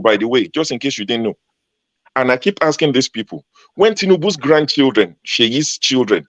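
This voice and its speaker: A man's voice: mid-range voice, dry recording. Emphatic man in heated debate. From Nigeria, Ogun State. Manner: emphatic, argumentative, repeats points for force. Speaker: panel guest. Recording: dull lo-fi sound.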